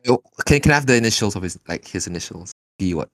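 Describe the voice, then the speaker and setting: A man's voice: fairly low pitch, animated, fast talker, no echo. A playful man co-hosting a podcast, eagerly guessing in casual chat.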